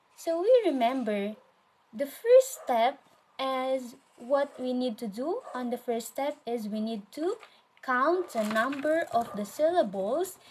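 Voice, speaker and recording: A woman speaks with a Filipino English accent, teaching a recorded lesson. She takes her time, goes through each step and repeats it, and often stops to quiz her listeners. Her voice sits a little high. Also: a little mellow, poor audio. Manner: patient, repeats steps and quizzes the listener.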